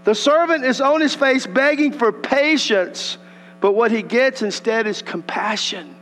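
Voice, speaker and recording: A man preaching a sermon, animated and folksy, acting out the voices of the scripture passages. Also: extremely high pitch, measured pace. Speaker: pastor. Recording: long hall reverb with mains hum.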